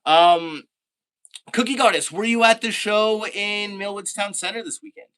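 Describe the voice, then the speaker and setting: A Canadian man chats casually on a live stream, reading viewer comments aloud, laid-back and quick to laugh. His voice is high, fairly bright and clean.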